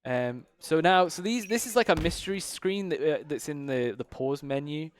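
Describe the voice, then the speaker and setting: A man's voice: fairly high pitch, animated, normal speed, a little hiss or hum. A man from the United Kingdom giving casual live commentary on his own speedrun, explaining the game as he plays and using a lot of fillers.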